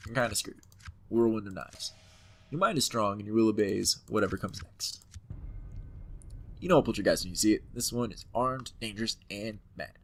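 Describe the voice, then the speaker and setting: A let's-play host with a fairly low, steady male voice talks a little fast while playing a computer game. He reads its text aloud and comments on it in a playful, hammed-up way.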